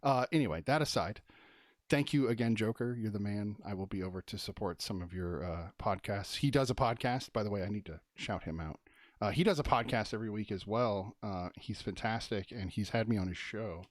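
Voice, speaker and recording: Man, stream host, low-pitched, dry close sound, quick chatty rambling, thinks out loud. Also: no echo. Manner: talks fast, thinks out loud, lots of "um" and "anyway". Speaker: host of a movie review stream. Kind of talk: casual live-stream chat.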